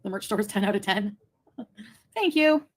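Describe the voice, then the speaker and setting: A woman's voice: medium pitch, lively intonation, moderate pace. Woman reading chat comments aloud. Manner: reads viewer comments aloud, chuckling. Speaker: livestream co-host. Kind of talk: casual livestream chat.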